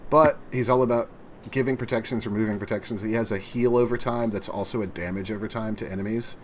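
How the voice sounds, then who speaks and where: A man co-hosting a casual gaming podcast, rambling in a relaxed way with plenty of fillers. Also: on the low side, quick pace, a little hiss or hum. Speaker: podcast co-host.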